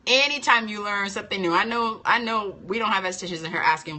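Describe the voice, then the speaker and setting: A woman hosting a casual live-stream chat as an esthetician trainer. She is chatty and animated, answers viewer comments, and laughs often. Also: mid-range voice, quick pace, hardly any pauses, slight background noise. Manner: playful and expressive, laughs often.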